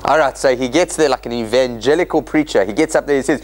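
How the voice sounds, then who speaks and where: A man's voice: mid-range voice, fast talker, hardly any pauses. A man teaching as a rabbi in an interactive class, questioning his listeners and acting out the quotes he reads.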